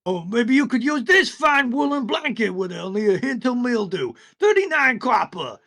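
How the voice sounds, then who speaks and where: A man's voice: very high-pitched, big pitch swings, normal speed, pushed and bright, voice pushed up, exaggerated voice. A man voicing a greedy, pushy male goblin market trader with a wheedling sales patter. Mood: haggling.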